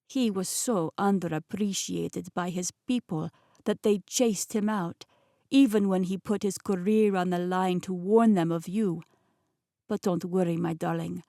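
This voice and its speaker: A woman voicing a scheming, smooth-talking man with a Russian accent, speaking in a slow, patronizing way. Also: lowish voice, mellow, no room sound, studio quality. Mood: smug.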